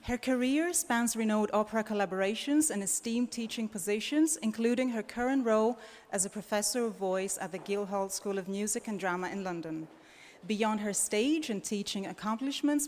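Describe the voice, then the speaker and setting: A woman's voice: mid-range voice, normal speed, a little mellow, big-room sound. A woman with a Greek accent hosting a conference, thanking speakers and formally introducing the next one. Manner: gracious, formal. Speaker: conference host.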